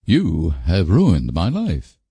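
A man's voice: low-pitched, very animated, a little slow, vocal fry, warm tone, husky, dry recording, exaggerated voice. A man as a proud, wounded young suitor. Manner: stiff, formal, bitter.

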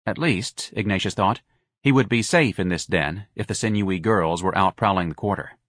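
A man narrating an audiobook in a measured, wry storytelling manner. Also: low-pitched, fairly bright tone, no echo, studio quality. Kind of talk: scripted narration.

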